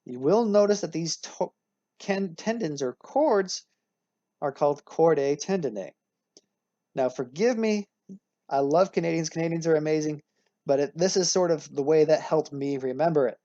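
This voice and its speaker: A man's voice: on the high side, normal speed, mellow, dry recording. A man teaching anatomy in a recorded lecture, casual and upbeat, often correcting himself mid-sentence. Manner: casual and upbeat, with frequent self-corrections and analogies. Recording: dry, slightly dull recording.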